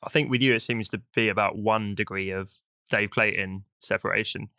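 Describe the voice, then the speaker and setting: Bright-voiced British podcast host. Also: male voice, fairly low pitch, steady tone, a little fast, gravelly, no room sound, studio quality. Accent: British English. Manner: playful, teasing, enthusiastic. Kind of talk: upbeat podcast chat with jokes.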